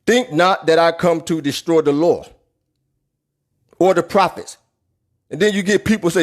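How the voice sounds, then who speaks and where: A Bible teacher in New York City preaches his lesson with strong emphasis, going back over verses at a slow pace and saying things twice to drive them home. His voice sits a bit high for a man.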